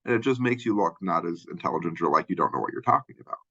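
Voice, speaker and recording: A man from Minnesota with a Minnesotan accent and a deep voice, giving a casual college lecture full of fillers and restarts. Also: lively intonation, rapid-fire, sharp tone, breathy edge, lo-fi sound. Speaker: college instructor. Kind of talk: lecture overview of a textbook chapter.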